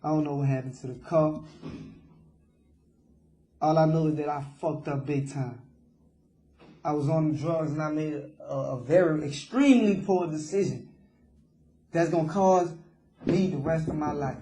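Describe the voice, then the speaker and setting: A man's voice: fairly high pitch, moderate pace, pauses often, mellow, roomy sound, a little hiss or hum. A young man, speaking remorsefully in a jailhouse interview and often calling the interviewer sir. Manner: remorseful, repeatedly saying sir. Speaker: jailed suspect being interviewed.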